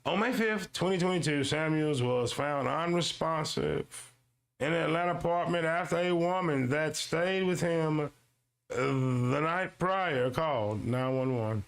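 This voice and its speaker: A man hosting a casual streamed commentary show, reading a web page aloud slowly and then breaking into quick asides to his audience, often repeating lines for emphasis. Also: a little high. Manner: animated, swings between slow read-aloud and quick asides. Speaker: show host.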